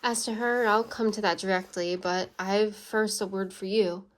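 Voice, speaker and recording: A woman voicing a blunt, proud and sarcastic English gentleman in a storybook reading, with a scolding manner. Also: medium pitch, fairly even intonation, moderate pace, a little hiss or hum, natural voice.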